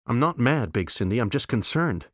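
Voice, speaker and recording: A man's voice: mid-range voice, sing-song, normal speed, no room sound, clean studio sound. A man voicing a concerned adult man who talks earnestly and coaxingly, in a storybook reading.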